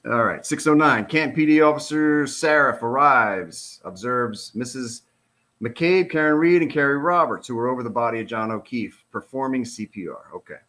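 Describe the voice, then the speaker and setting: A man's voice: mid-range voice, moderate pace, fairly bright tone. A middle-aged man, a retired police officer, gives casual commentary on a released document. He talks in an exasperated, sarcastic, rambling way.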